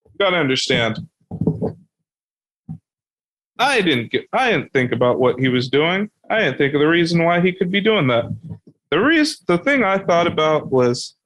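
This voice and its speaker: A young man casually telling a story on a podcast, animated and profane, laughing as he goes. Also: on the high side, moderate pace, a little hiss or hum. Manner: animated, heavy swearing, laughing through his story.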